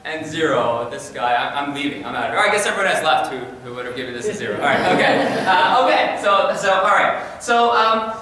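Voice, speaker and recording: A male high school science teacher giving an energetic, animated conference presentation, often repeating words as he starts a sentence. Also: brisk, few pauses, crowd noise. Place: large conference room. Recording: echoey hall from far off, faint noise.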